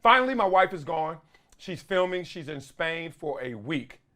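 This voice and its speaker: A man hosting his own show, telling family stories in a casual, animated way full of slang and loud exclamations. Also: on the high side, moderate pace. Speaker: show host; father and youth coach. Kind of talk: casual solo talk-show monologue.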